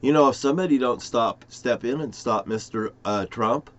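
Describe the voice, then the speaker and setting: A man's voice: medium pitch, moderate pace. Rambling, profane man on lo-fi audio. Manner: rambling, profane, conspiratorial, with sudden loud outbursts. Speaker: vlogger. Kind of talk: rambling monologue to camera.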